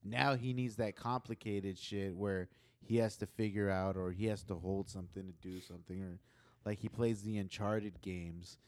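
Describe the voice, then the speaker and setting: A man hosting a podcast, chatting casually and telling animated stories with plenty of swearing. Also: lowish voice, moderate pace, no echo. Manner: swears freely, animated storyteller. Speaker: podcast host. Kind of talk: casual chat.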